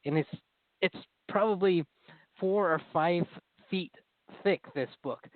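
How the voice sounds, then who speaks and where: A man's voice: sits high, slow, no room sound. Man explaining on a tinny line. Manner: earnest, acts out inner critical voices in quotes. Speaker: therapist guest. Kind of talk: explanatory interview talk.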